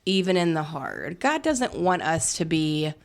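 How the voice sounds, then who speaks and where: A woman co-hosts a casual podcast, her pitch swinging widely as she teases and giggles. She is playful and quick to laugh at her husband's stories. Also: very animated, gravelly. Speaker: podcast co-host. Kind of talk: casual chat.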